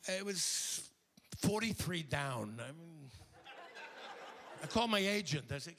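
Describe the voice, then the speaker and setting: An older man doing a stand-up routine on a theater stage, animated and slipping into quick impressions of other people. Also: a little high, vocal fry, noisy background. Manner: animated, mimics characters in quick asides. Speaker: stand-up comedian. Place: theater stage before a live audience.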